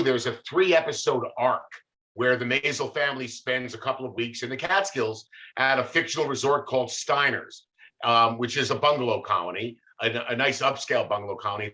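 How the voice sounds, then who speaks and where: A man with a bright, forceful voice at an ordinary middle pitch. He presents film history in a loose, chatty way, with plenty of ums and uhs. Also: a little fast, low-quality recording. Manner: relaxed, filler-heavy storytelling. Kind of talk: casual presentation.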